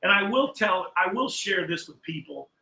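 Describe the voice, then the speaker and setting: Older man, animated storyteller, high bright voice, roomy echo. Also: moderate pace, creaky. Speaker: podcast guest. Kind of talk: casual storytelling in a chat.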